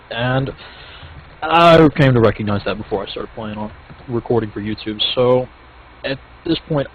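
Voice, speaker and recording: A man in casual chat, speaking in a measured, wry way. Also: mid-range voice, slightly rough, muffled recording.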